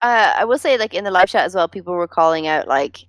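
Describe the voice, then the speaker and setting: A woman hosting a podcast in a casual chat, animated and swearing freely. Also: lowish voice, fast talker, dry recording. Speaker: podcast host.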